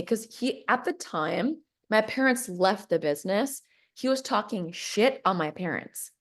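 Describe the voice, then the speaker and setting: A woman telling a personal story in a casual podcast chat, reenacting conversations and laughing often. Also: mid-range voice.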